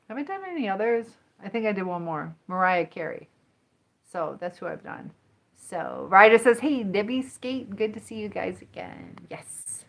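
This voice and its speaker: A woman's voice: mid-range voice, a bit bright. A woman hosting a casual livestream, chatting and rambling as she reads viewer comments aloud. She teaches and coaches people on starting businesses. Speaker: livestream host.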